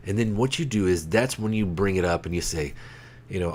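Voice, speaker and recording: A man's voice: on the low side, brisk. A man co-hosting a casual car talk show, rambling through stories and acting out quoted lines. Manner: rambling storyteller, acts out quoted bits. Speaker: co-host.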